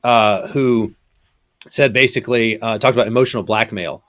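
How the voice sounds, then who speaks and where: Man guest, pastor type, measured and thoughtful, dry close sound. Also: lowish voice, steady tone, fairly bright tone, dry recording. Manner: thoughtful, explains in steps with many ums. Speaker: pastor and professor, podcast guest. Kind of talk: casual podcast conversation.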